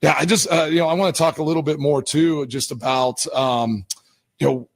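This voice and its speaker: A man's voice: a little high, fairly even intonation, normal speed, gravelly. A man hosting sports talk radio, asking rambling, casual questions. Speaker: radio host.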